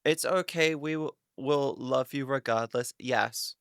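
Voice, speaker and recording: A woman's voice: very deep voice, measured pace, creaky, no room sound. Dry, profane woman streamer ranting. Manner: animated, profane ranting with frequent laughter; talks to her chat. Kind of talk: casual live-stream chat.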